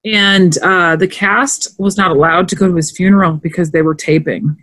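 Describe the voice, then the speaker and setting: A woman in casual chat as a podcast co-host, an animated storyteller who acts out quotes as she goes. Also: on the low side, normal speed.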